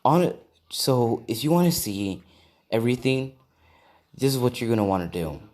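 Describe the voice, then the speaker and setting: A man's voice: mid-range voice, sing-song, normal speed, darkish tone, lightly acted. A man voicing a helpful female inner guide who explains magic, in his own plain voice. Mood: instructive. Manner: instructive, explaining.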